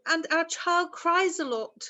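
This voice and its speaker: A woman plays a ghostly young mother from long ago, begging in old-fashioned thee-and-thou speech. Her voice sits high and sounds bright and ringing. The delivery is earnest, like an amateur stage drama. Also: takes it slowly, full character voice. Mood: troubled.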